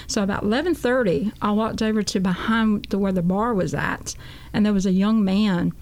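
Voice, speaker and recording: A woman's voice: mid-range voice, moderate pace, a little mellow. A woman guest on a talk show, telling her testimony in an earnest, folksy way and often repeating "I said.". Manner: earnest, folksy storytelling with a lot of "I said".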